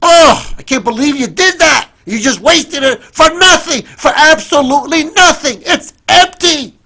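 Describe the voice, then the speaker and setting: Preacher playing an irate father, yelling in a raised, tense voice. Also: very high voice, lively intonation, measured pace, pitched above the performer's own voice, heavily acted. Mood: angry scolding. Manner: shouting, scolding. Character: furious father yelling at his little daughter.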